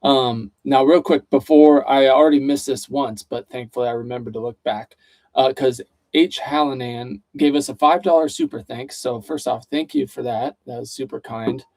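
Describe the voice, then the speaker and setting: A man's voice: mid-range voice, fairly even intonation, moderate pace, a little mellow, no room sound. A man co-hosting a casual livestream chat, reading out viewer questions in an easygoing way. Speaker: co-host.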